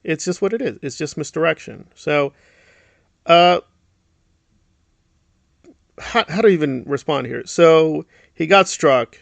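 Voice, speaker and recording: A man's voice: a little high, slow pace, creaky, pauses often, no room sound. A middle-aged man giving a sarcastic, indignant commentary, often mocking others with put-on voices. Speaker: commentary YouTuber. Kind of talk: ranting commentary.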